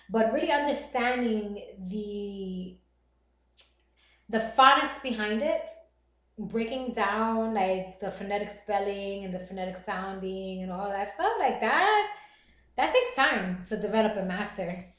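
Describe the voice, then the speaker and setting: A middle-aged woman with a Puerto Rican Bronx accent, chatting fast and reassuringly as a livestream host reading viewer comments. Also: fairly high pitch, echoey room. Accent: Puerto Rican Bronx New York. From the Bronx, New York.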